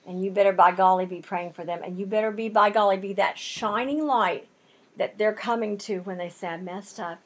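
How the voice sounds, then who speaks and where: A woman's voice: mid-range voice, a little fast, husky. A woman teaching a Bible lesson in an earnest, emphatic way, using folksy turns of phrase and building intensity as she makes her points.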